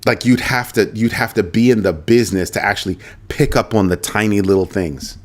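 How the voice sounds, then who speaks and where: Deep-voiced man hosting a casual livestream. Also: a little fast. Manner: animated, talks straight to viewers, repeats phrases. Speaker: host of a crypto livestream.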